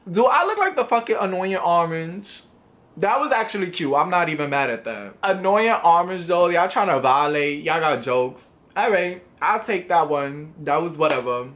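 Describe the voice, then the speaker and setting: Young man, New York accent, assertive and sassy vlogger, highish voice with big swings. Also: normal speed. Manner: assertive, sassy, animated delivery. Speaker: YouTuber. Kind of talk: reading hate comments to camera.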